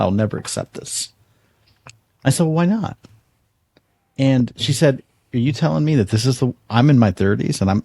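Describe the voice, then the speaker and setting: A man hosts a podcast, his voice low, gravelly and a little husky. He tells a long story earnestly, restarting and repeating words as he goes. The recording is dry and close to the mic. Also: darkish tone, no echo. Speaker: podcast host. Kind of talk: casual conversation, storytelling.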